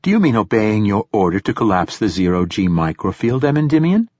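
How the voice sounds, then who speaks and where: A man's voice: fairly low pitch, big pitch swings, a little fast, darkish tone, no echo, clean studio sound. A man voicing a starship's computer that speaks formally and literally, insisting it has no sense of humor, in an audiobook. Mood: formal, earnest. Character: polite ship's computer, literal-minded and humorless.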